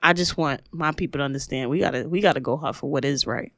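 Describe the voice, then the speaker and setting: A man in casual chat, telling stories in an animated, slangy way. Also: a little high, fast, dry recording.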